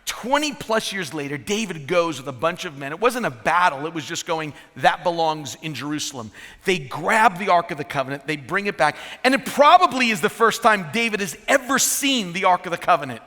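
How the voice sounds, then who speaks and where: Bright, forceful preaching man. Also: high-pitched, a little fast, hardly any pauses, in a large hall. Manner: lively storytelling with humorous asides. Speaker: pastor. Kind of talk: sermon. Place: church sanctuary.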